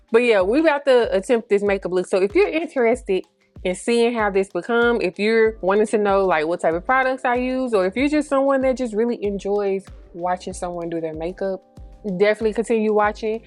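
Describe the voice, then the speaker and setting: Thirties woman beauty vlogger, mid-pitched, casual and rambling, bit breathy. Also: a little fast, a little mellow, no echo, soft background music. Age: 30s. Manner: chatty, slangy, rambling asides; a little breathy, holds breath mid-sentence. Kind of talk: casual get-ready-with-me chat.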